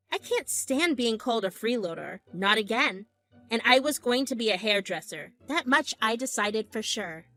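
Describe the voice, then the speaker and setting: A woman's voice: fairly high pitch, a bit bright. A young woman narrating a family story with an exasperated storytelling manner.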